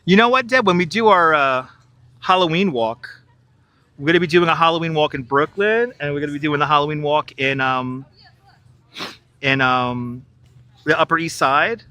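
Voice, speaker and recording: A man's voice: on the high side, moderate pace, pauses often, pushed and bright, no room sound. A man hosting a live stream outdoors, joking, laughing a lot and chatting to viewers on a wireless clip-on mic. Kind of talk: live-stream walking commentary. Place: outdoors in Manhattan by the river.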